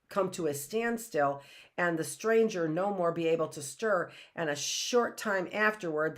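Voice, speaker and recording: A woman with a low, even voice reads a storybook aloud the way a teacher would. She takes her time, stays gentle, and now and then stops to restart a word. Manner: slow, gentle reading with small restarts.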